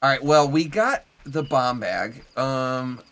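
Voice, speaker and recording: A man's voice: mid-range voice, slow pace, fairly bright tone. A young adult man streaming a video game live, chatting loosely with viewers and rambling with lots of "like" fillers. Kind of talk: casual live gameplay commentary.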